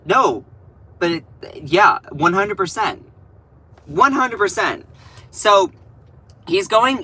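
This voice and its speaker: Bright, animated young man ranting sarcastically. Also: high-pitched, breathy edge, rough recording. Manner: animated, sarcastic, quick asides with many fillers. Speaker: political commentator. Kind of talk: casual political commentary vlog.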